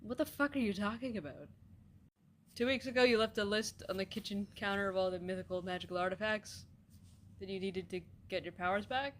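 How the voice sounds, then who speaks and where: A woman performing a comedy sketch, voicing several characters in sarcastic, deadpan banter with casual swearing. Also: mid-range voice, brisk, a little hiss or hum.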